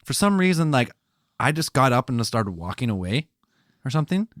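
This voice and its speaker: A man's voice: medium pitch, sing-song, fairly quick, dry recording, studio quality. A man in his thirties, a podcast co-host telling a story bluntly in casual chat, swearing freely.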